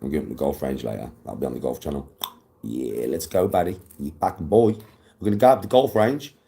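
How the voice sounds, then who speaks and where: A man's voice: very deep voice, fairly quick, vocal fry, mellow, slight background noise. A young man chatting casually on a live stream, chirpy, rambling and laughing at his own jokes.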